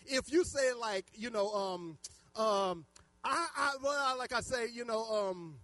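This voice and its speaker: A man preaching a sermon, telling stories animatedly and swinging from loud outbursts to hushed asides. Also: very high-pitched, a little slow, no echo. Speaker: pastor. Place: church.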